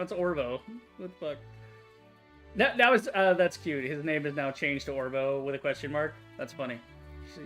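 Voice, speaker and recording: Woman gamer swearing through casual commentary. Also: low voice. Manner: casual, swearing, laughs often. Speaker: gaming channel host. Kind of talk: let's play commentary.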